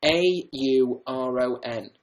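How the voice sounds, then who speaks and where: A young man with a softened northern English accent chats loosely on a livestream. He rambles through viewer comments and drops casual swear words as he goes. His pitch sits in an ordinary middle range. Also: slow pace, a little hiss or hum. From northern England. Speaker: livestream host.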